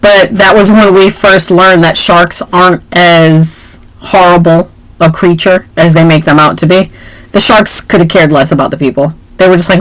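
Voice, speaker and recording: A woman's voice: on the low side, moderate pace, dry recording, rough recording. Playful chatty woman co-host, dry sound. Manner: playful, animated, jokes and puts on voices. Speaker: podcast co-host. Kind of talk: casual chat about movies.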